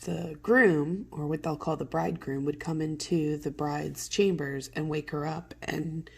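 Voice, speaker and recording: A woman teacher walks students through a play, reading lines and retelling them in easy everyday words. Her voice sits low with a gravelly edge. It also has a husky texture, and she keeps clearing her throat. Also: fairly even intonation, a little slow, darkish tone. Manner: conversational, paraphrases lines in plain modern words. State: throat clearing from morning allergies.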